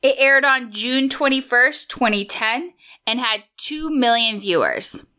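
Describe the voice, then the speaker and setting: A young woman co-hosts a casual podcast, upbeat and quick to laugh. Her voice is bright and clean, with a crisp edge to it. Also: a little high, animated. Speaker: podcast co-host. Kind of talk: casual chat.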